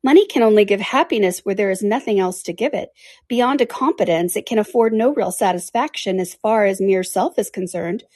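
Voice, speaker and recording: A woman reading aloud, voicing an eager, passionate young woman in an animated, emphatic manner. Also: medium pitch, brisk, no room sound, studio quality, natural voice.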